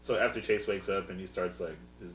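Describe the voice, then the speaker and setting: A man's voice: sits low, fairly even intonation, a little fast, echoey room, distant mic, a little hiss or hum, rough recording. A man co-hosting a podcast, casually retelling a movie plot with dry jokes. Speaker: podcast co-host. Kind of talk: casual movie recap chat.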